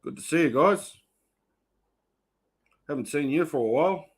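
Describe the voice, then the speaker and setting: An Australian man hosting a casual livestream, greeting viewers one by one in a relaxed, matey way. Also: on the high side, moderate pace, breathy edge. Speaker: host.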